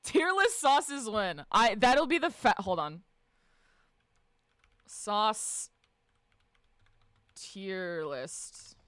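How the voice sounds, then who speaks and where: Animated, swearing woman streamer. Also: mid-range voice, very slow, pauses often, dry recording. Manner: animated, swears freely, laughs often, shouts greetings to chat. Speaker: livestreamer reading and answering chat. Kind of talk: casual livestream chat.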